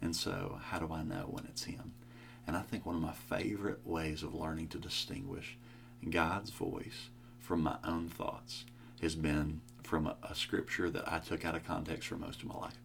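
A young man as a podcast guest, talking about faith in a casual chat, with animated, joking storytelling. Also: sits low, normal speed, vocal fry, a little hiss or hum. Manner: animated storytelling, jokey asides.

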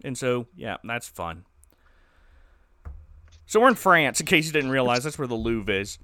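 A man co-hosting a casual comedy podcast, recapping a movie in an animated, joking way. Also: mid-range voice, normal speed, dry recording. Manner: jokey, animated storytelling, puts on silly voices for characters.

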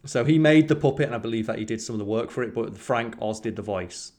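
A man's voice: mid-range voice, fast talker, darkish tone. A man co-hosting a podcast, chatting casually and rambling with lots of fillers. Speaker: podcast co-host. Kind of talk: casual chat.

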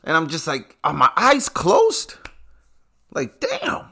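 A man's voice: fairly high pitch, huge pitch swings, a little slow, creaky, pushed and bright. A man delivering a casual, profane rant to his viewers in street slang.

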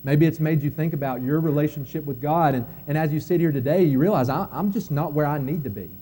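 A man's voice: fairly high pitch, quick pace, slightly rough. Earnest male pastor preaching a sermon. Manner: earnest, rising to emphatic quotes then dropping soft. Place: church sanctuary.

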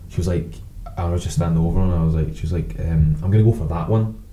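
A Scottish man with a low, very dark and mellow voice spins casual podcast anecdotes. He rambles and swears freely, acting out the back-and-forth of each exchange as he goes. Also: fast, poor audio. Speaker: podcast co-host. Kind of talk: casual storytelling chat.

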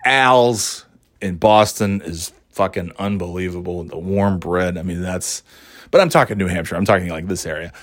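A man's voice: low voice, normal speed. A middle-aged man hosting his own podcast, talking in a rambling, casual way, swearing freely and laughing at himself. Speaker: podcast host. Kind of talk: casual solo podcast monologue.

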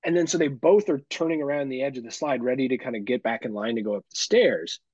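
A man co-hosting a podcast, telling a story in casual chat, animated and full of swearing. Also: medium pitch, quick pace, slightly rough, no echo. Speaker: podcast co-host. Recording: dull lo-fi sound.

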